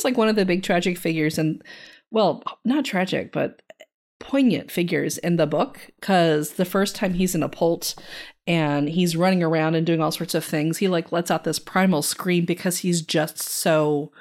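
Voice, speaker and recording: A woman in a casual chat, lively and quick. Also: on the low side.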